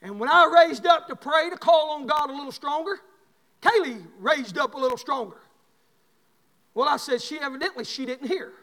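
A man's voice: very high-pitched, normal speed, pushed and bright. A man preaching a fervent Baptist revival sermon in a church. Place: church sanctuary. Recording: long church-hall reverb.

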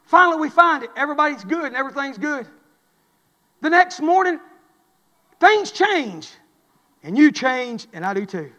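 A man's voice: very high voice, sing-song, normal speed, pauses often, bright, forceful tone. A man preacher, delivering an impassioned, repetitive sermon in a church. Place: church sanctuary. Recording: long hall reverb.

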